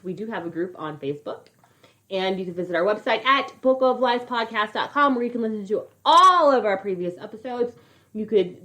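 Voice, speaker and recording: A woman's voice: mid-range voice, a bit bright. A woman in her thirties co-hosting a podcast, chatting casually, swearing freely and laughing often. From California. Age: 30s. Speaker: podcast co-host. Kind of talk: casual chat.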